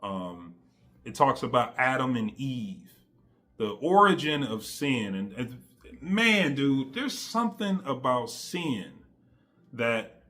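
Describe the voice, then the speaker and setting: A man's voice: mid-range voice, a bit bright. A man giving a casual, slangy faith testimony straight to his audience, emphatic and conversational. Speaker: faith vlogger.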